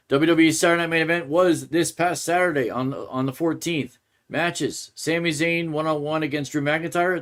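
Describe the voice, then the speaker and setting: A male sports podcast host in a casual, rambling rant. He keeps stopping and restarting his sentences as he talks, at a medium pitch for a man. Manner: rambling, restarts often, ranting.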